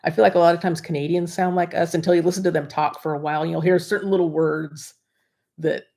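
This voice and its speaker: A woman's voice: lowish voice, level tone, quick pace, warm tone. An American woman co-hosting a live stream, chatting casually and laughing often while reading viewer comments. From United States. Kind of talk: casual chat.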